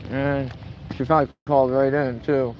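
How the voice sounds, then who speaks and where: A man filming himself outdoors in a parking lot, mocking people and shouting slogans as he walks. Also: medium pitch, flat delivery, moderate pace, lo-fi sound, background noise. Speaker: protester filming a vlog. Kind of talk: casual outdoor protest vlog.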